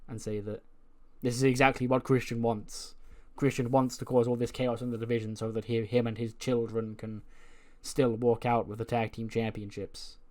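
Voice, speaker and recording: A man's voice: mid-range voice, flat delivery, moderate pace, few pauses, darkish tone. A chatty man narrating a wrestling management game, breaking into laughs as he talks. His voice sits in a middle register with plain, easygoing delivery. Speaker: gaming video host.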